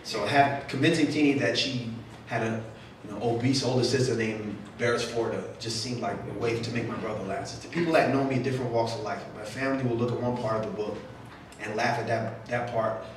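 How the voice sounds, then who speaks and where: A male author with a medium-pitched, steady, brisk voice holds a casual talk and Q&A with young readers, chatty and jokey, acting out quoted voices. In the literary center's event room, the far-off mic picks up a very echoey sound and faint noise.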